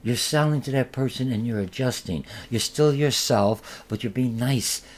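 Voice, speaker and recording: A man with a medium-pitched voice gives a college marketing lecture at a moderate pace. The recording captures him rambling conversationally, restarting often and acting out examples.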